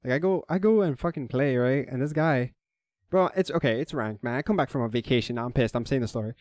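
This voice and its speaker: A man's voice: mid-range voice, quick pace, a little mellow, dry recording, studio quality. A young man ranting casually about a bad online game, heated and swearing, with lots of restarts. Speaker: vlogger. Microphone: desk microphone.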